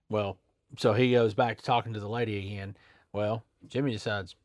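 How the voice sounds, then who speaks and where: A tire shop worker with a fairly low voice tells a story at a moderate pace in casual chat, with no room sound. He's plain-spoken with loose grammar and animated, acting out the people he quotes in a raised voice.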